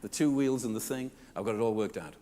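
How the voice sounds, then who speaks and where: A man giving a comedic storytelling talk to a live audience, acting out the people in his stories with big jumps in his voice. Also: fast talker. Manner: animated, acts out customers and staff with big pitch jumps. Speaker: keynote speaker. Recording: reverberant hall.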